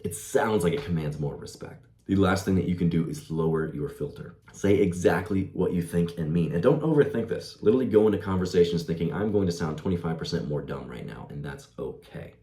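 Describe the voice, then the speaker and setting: Speaking in a low, mellow voice, a young man offers relaxed self-improvement advice, quick to laugh and fond of saying "bro" and "like." The recording has a roomy echo.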